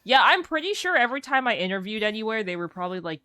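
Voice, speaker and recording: A woman's voice: fairly high pitch, very animated, quick pace, hardly any pauses, pushed and bright, smooth, faint music behind. A young woman streamer chatting casually while she plays, rambling through stories and saying "like" a lot. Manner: rambling storyteller, heavy use of "like". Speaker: game streamer. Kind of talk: casual chat while gaming.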